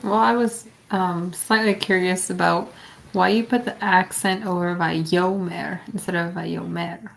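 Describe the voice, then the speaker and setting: A woman's voice: medium pitch, steady tone, moderate pace, gravelly, fairly bright tone. A woman taking part as a student in an online class, asking questions hesitantly over a video call.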